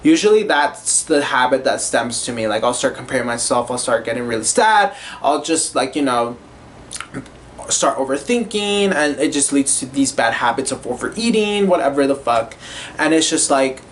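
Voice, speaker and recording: A man's voice: mid-range voice, lively intonation, normal speed, a little hiss or hum. A young man hosting a casual, rambling, self-reflective monologue with frequent swearing. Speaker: podcast host.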